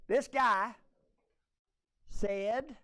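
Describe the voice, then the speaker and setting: A man's voice: extremely high pitch, extremely slow, a bit bright. A male pastor, preaching a conversational sermon and drawing his congregation in with questions. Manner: folksy, conversational preaching with audience call-and-response.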